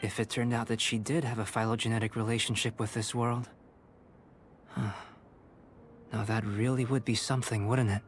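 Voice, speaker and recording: A man voicing a calm young male alchemist in a game, measured and lecturing. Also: mid-range voice, a little hiss or hum, natural voice. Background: faint game music.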